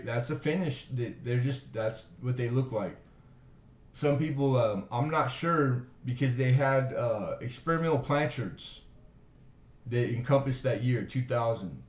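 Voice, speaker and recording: A man's voice: medium pitch, a little mellow. Chatty man running a coin auction. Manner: chatty, rambling storyteller between bids. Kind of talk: casual live-stream auction chat. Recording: echoey room.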